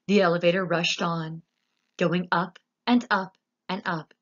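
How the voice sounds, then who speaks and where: A woman narrating a children's story with an expressive, animated reading. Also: fairly low pitch, a little slow, muffled recording. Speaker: audiobook narrator.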